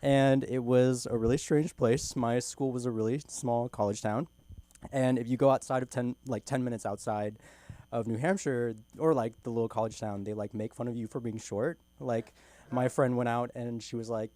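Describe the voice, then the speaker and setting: A man's voice: mid-range voice, fairly even intonation, normal speed, warm tone, no echo. Young guy doing open mic standup, keeps cracking up at his own bits, loose and rambly, small club mic. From California. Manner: giggles through his own jokes, loose rambling delivery. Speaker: stand-up comedian.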